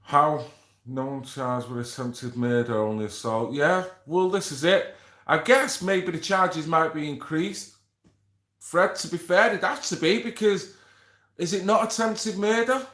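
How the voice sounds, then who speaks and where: A man's voice: fairly high pitch, steady tone, measured pace, a bit bright, roomy sound. A man hosting a casual livestream, bantering with viewers, swearing and reading out names from the chat. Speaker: livestream host.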